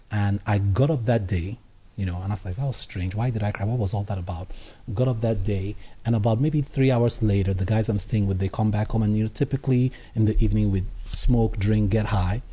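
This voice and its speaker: A man telling his personal faith story as an interview guest, earnest, with halting restarts. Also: on the low side, warm tone, slightly rough. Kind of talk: personal testimony in conversation.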